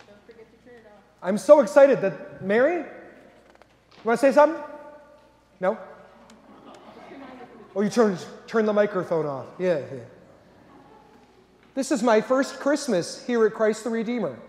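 A high-voiced man speaks slowly and jovially as pastor, wrapping up Mass with playful asides and greetings. His voice carries through a long, reverberant church hall. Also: sing-song. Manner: jovial, warm-hearted delivery with playful asides. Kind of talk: closing remarks and blessing at Mass. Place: large church.

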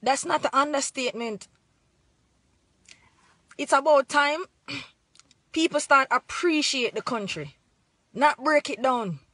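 A young woman from Jamaica speaks with a Jamaican accent, earnest and a little preachy, her phrasing drifting into patois. Her voice sits high and sounds bright. The recording is dry and close, with almost no room sound. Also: lively intonation, takes it slowly, long pauses, no echo. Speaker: vlogger. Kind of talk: impassioned talk to camera.

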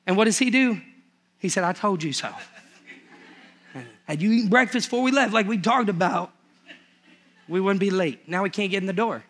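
Animated high-voiced male pastor. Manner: animated storytelling, acts out the characters with humor. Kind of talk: sermon. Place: church.

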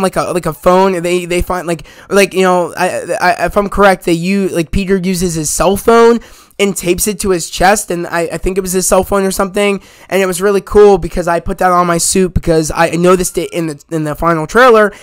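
A man giving a casual, excited spoiler review of a movie, retelling scenes in a rambling way with many restarts. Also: high voice, smooth, dry recording.

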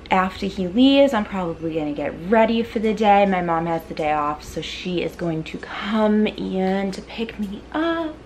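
A woman's voice: medium pitch, a little mellow. A young woman with a Boston accent chatting casually to her phone camera in a vlog. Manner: chatty, coos baby talk to her dog. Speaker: vlogger. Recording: noisy phone recording.

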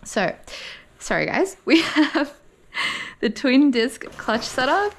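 A woman's voice: sits high, big pitch swings. A woman doing a car parts unboxing vlog, gushing and swearing casually as she pulls parts out. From Australia. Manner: gushing, swears often, slow-paced. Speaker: car vlogger.

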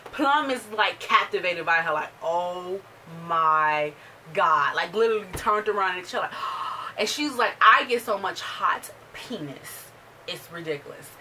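A woman talks through a TV episode in a casual, animated way, jumping into the characters' lines as she retells them. Her voice is bright. She sits a little back from the mic, and faint noise runs behind her. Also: medium pitch, distant mic. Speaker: show reviewer. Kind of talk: casual chat, recapping an episode.

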